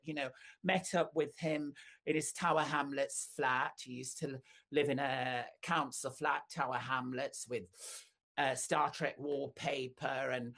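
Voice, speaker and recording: An older woman, a singer telling long anecdotes in an interview, full of fillers and sudden jumps up in pitch. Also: measured pace. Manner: rambling storyteller, many fillers, camp asides, pitch leaps up when excited.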